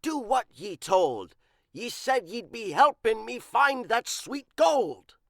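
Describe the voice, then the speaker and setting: A woman voicing a gruff, loud male pirate captain who talks in blustery pirate slang, read slowly for a picture book. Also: fairly low pitch, big pitch swings, no room sound, clean studio sound, full character voice. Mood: grumbling. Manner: growling pirate talk, blustery.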